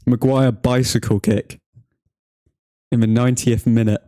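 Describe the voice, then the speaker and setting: This young English watchalong host chats live with viewers during a football stream, frequently cracking jokes and laughing. His medium-pitched voice is mellow and level in tone, his pace unhurried, and there's no echo.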